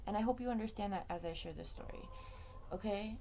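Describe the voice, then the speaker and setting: A woman's voice: medium pitch, brisk, mellow, a little hiss or hum. Chatty woman telling a story. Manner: chatty, swears freely, many fillers. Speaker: vlog host. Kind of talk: casual storytelling.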